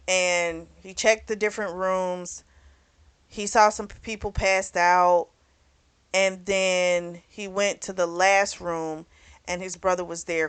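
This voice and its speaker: A woman walks through a novel's plot in an easygoing vlog recap. She talks loosely and frankly, sprinkling in "you know" and "like", and she isn't shy about swearing. Her voice sits at an everyday middle pitch. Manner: chatty, loose and frank, with frequent "you know" and "like" and some cursing. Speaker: book club vlogger. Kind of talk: casual spoken book recap.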